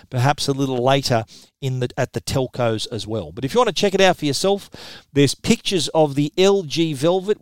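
A man's voice: medium pitch, no echo. A middle-aged Australian man hosting a tech show, talking chattily and often restarting his sentences. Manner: chatty, lively, repeats words when restarting. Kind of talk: radio tech news talk.

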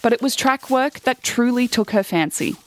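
Lively woman reading a story. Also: fairly high pitch, moderate pace, a little hiss or hum. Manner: lively, voices the characters.

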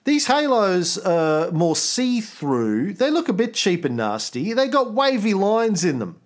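A man's voice: high voice, huge pitch swings, unhurried. A man co-hosting a casual art-history chat, musing aloud with irreverent, crude jokes. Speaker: podcast co-host.

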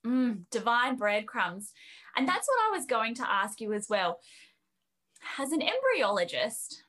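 Lively Australian woman podcast host. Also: fairly high pitch. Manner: bubbly, chatty, quick laughs. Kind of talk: conversational podcast interview.

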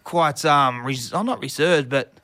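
An Australian man in his forties, a former rugby league player, telling animated stories in a casual podcast chat. He acts out shouting coaches and laughs often. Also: mid-range voice, measured pace, dry recording.

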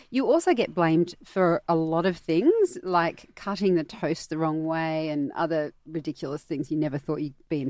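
An Australian woman hosting a parenting panel podcast, chatty and quick to laugh. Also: fairly low pitch, dry recording, clean studio sound. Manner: lively, laughing, teasing. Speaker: podcast host. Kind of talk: casual panel chat.

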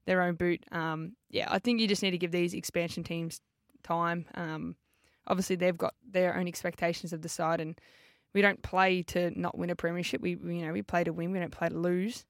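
A woman's voice: lowish voice, little pitch movement, brisk, no room sound, clean studio sound. A young Australian woman, a footballer co-hosting a podcast, chatting casually with lots of fillers and easy laughs.

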